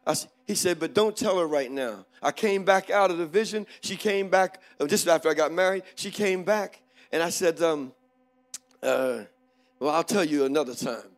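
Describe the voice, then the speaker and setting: A middle-aged male preacher telling a personal story in a sermon, animated, swinging from hushed moments to loud exclamations. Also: on the high side, normal speed.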